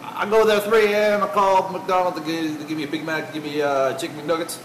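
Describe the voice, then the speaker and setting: A man's voice: on the high side, fairly even intonation, a little fast, lightly acted. A man playing a defiant, laid-back burger lover who rambles in a casual, stubborn way. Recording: echoey room with faint noise.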